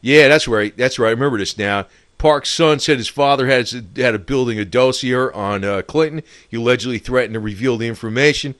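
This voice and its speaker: A man's voice: mid-range voice, fairly quick, fairly bright tone, dry recording, clean studio sound. A man in a rambling, profane casual monologue, laughing often and talking with loose scorn. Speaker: political commentator.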